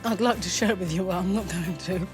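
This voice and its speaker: A woman TV presenter as a guest, chatting casually, playful and quick to laugh. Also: fairly low pitch, over music. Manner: warm, laughs often, playful. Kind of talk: casual chat.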